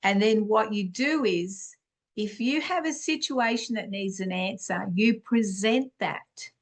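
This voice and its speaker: A middle-aged woman hosts a podcast offering informal spiritual teaching. She speaks unhurriedly and conversationally at medium pitch, often clearing her throat.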